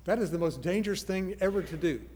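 A man preaching a sermon, earnest, moving from soft pleading to loud emphasis. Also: high voice, fast, long reverb tail. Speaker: pastor.

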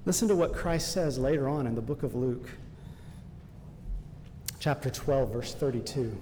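A man's voice: medium pitch, a little hiss or hum. Man preaching in a reverberant hall. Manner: earnest preaching, slowing for emphasis and dropping soft for quotes. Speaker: pastor. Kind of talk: sermon.

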